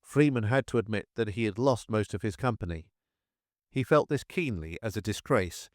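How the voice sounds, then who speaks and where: A man narrating a First World War memoir in a measured, steady reading style. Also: fairly low pitch, dry recording, studio quality.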